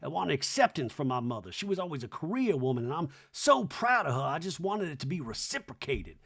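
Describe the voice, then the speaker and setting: An earnest grown daughter holding onto her patience, as a man plays her. She speaks in a fairly high, measured way. Her pitch moves around a lot. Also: very animated, vocal fry, a bit bright, breathy edge, exaggerated voice.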